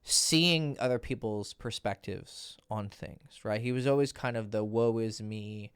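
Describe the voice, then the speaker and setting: A man's voice: mid-range voice, a little slow, a bit bright, clean tone, no echo, studio quality. A man working as a dating coach, telling a client story in a blunt, casual, profane way.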